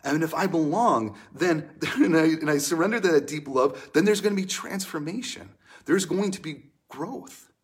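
A young adult man, a pastor, preaching a sermon in an earnest, emotional way, dropping to hushed lines and rising in bursts. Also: on the high side, normal speed.

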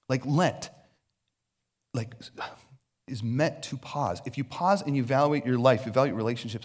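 A man's voice: medium pitch, darkish tone, slightly rough. A man preaching a sermon on stage in a loose, conversational way, acting out little voices as asides. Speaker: pastor. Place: on stage before a congregation.

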